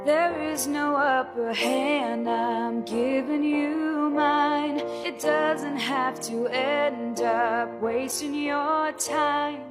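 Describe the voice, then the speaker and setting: Teen girl singing a ballad, very slow, loud music and long reverb. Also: sits high, steady tone. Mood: tender.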